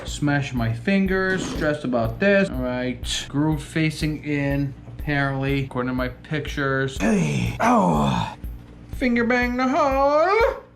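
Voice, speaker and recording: A woman's voice: a bass voice, sing-song, slow pace, faint music behind. A woman hosting a repair vlog, muttering and swearing in frustration as she works in a hot garage. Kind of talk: casual hands-on repair vlog.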